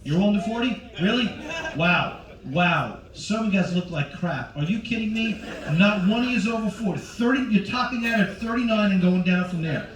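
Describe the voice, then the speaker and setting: A brash middle-aged man doing stand-up, teasing the audience directly in a voice pitched a little high. He sounds set back from the mic in a roomy lounge aboard a ship, with faint ambience behind him. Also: expressive, moderate pace, far from the mic, crowd noise. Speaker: stand-up comedian. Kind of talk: stand-up with crowd work. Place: cruise ship show lounge.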